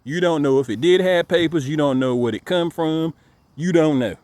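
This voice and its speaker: A man's voice: a little high, normal speed, a little mellow, no room sound. A man giving a casual ranting monologue to camera, emphatic and repetitive, stumbling over repeated words. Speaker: dog breeder vlogger.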